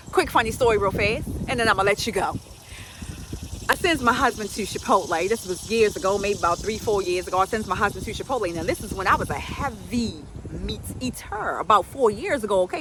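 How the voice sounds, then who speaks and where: A woman's voice: high-pitched, big pitch swings, brisk, fairly bright tone, slight background noise, rough recording. A middle-aged woman, a health coach telling a story in a folksy, emphatic, preachy way. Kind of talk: casual storytelling to camera.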